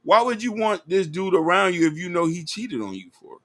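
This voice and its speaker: A man's voice: high voice, expressive, a little fast, a bit bright. A man hosting, casually commenting on a clip, rambling with stumbling restarts. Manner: rambling, with stumbling restarts and "you know what I mean". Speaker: host reacting to a clip.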